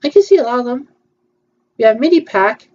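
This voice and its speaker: A woman's voice: on the high side, expressive, brisk, darkish tone, muffled recording. A woman chatting casually through a virtual theme-park tour, hesitant and playful, with frequent ums.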